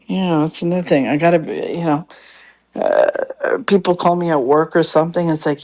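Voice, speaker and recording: A woman's voice: deep voice, moderate pace. A woman telling a story in casual call-in chat, acting out what others say to her. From Canada. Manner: animated storytelling, acts out others' lines.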